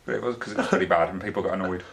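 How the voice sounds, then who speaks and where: A man on a podcast panel, joking in a quick, casual chat. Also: deep voice, creaky, fairly bright tone, a little hiss or hum.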